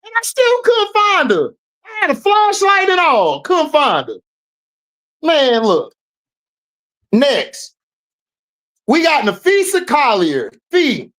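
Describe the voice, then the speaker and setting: Animated, profane woman roasting players. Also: high-pitched, takes it slowly, pauses often, poor audio. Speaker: sports podcast host. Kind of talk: ranting sports commentary.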